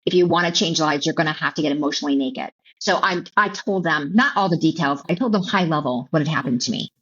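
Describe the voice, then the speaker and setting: Low-voiced middle-aged woman, halting. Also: fairly bright tone, husky. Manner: halting, emotional, many restarts and repeated words. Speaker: author and keynote speaker, guest. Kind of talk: personal storytelling in an interview. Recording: dull lo-fi audio.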